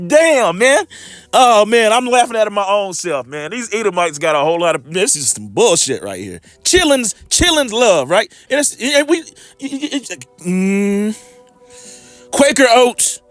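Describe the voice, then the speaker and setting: A man's voice: sits high, big pitch swings, unhurried, no echo, faint music behind. A man preaching informally on scripture, heated and profane, with rambling asides.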